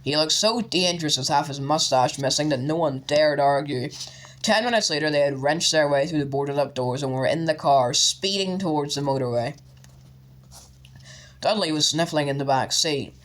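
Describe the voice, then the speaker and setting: A man narrating an audiobook with steady storytelling. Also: fairly high pitch, normal speed.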